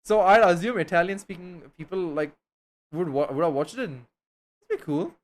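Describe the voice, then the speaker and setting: A man's voice: sits high, normal speed. A young man from India, chatting casually with his stream viewers in a slangy, rambling way, swearing now and then.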